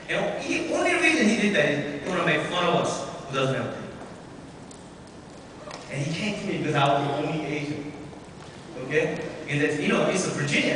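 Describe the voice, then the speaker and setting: High lively guy preaching a testimony, echoey hall, mic far off. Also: slight background noise. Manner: animated, acts out quoted voices. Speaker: guest speaker giving a testimony in church. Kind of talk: sermon testimony storytelling. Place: church sanctuary.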